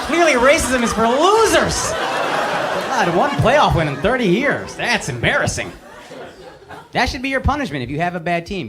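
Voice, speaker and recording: A man in his thirties doing stand-up comedy, loud, brash and profane, shouting his punchlines. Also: very high voice, heavy background noise. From United States. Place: large theater on stage. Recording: live stage recording with loud crowd laughter. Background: loud audience laughter.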